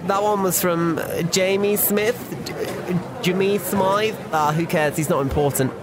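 A man's voice: sits high, a little slow, over music, voice pushed up. A man playing a smug, money-grabbing male influencer who hosts a fake meditation with a mock-soothing voice. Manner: mock soothing, then fake cheerful outbursts. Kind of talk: parody video vlog in a sketch.

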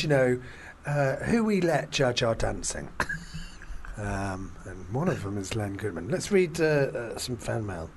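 Animated man retelling film scenes. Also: mid-range voice, a little slow, slight background noise. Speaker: podcast host. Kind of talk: casual chat.

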